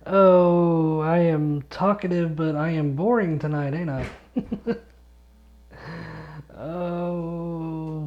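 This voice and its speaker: A man's voice: fairly high pitch, a little mellow. A young man hosting a late-night solo gaming podcast, sleepy, rambling and swearing, losing his thread as he goes. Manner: rambling, swears a lot, chuckles often, loses his thread. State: sleepy, yawning. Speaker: podcast host and gaming YouTuber. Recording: dull lo-fi home recording.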